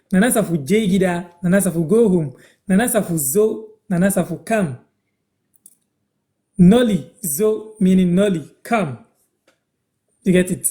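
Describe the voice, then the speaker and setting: A man's voice: high-pitched, dark tone. Ghanaian man teaching words on a live stream. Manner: repeats phrases slowly for learners. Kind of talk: casual live-stream language lesson.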